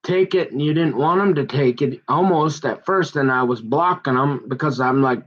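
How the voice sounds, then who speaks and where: A man telling a long, aggrieved personal story in a rambling monologue, halting and restarting his sentences as he goes. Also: on the high side. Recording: dull muffled lo-fi recording.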